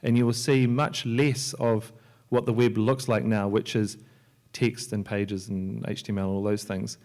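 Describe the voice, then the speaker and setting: A man, a software entrepreneur and filmmaker, giving a loose, joking talk on a library panel, with many restarts and fillers. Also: fairly low pitch, flat delivery, moderate pace. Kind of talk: conference talk. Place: lecture hall at a library.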